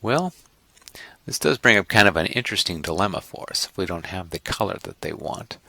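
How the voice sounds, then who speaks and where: A man instructing an online class through a screen-recorded software tutorial, rambling and correcting himself with joking asides to his students. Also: sits low, expressive, brisk, gravelly, husky, no echo.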